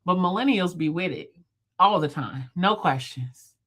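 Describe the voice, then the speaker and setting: A woman in her thirties hosting a livestream, chatting casually with viewers, fast-talking and playful. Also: on the low side, expressive, fairly bright tone. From United States. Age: 30s. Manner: talks fast, chatty and playful, laughs often. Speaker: livestream host. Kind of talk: casual live chat with viewers. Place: at home, in bed.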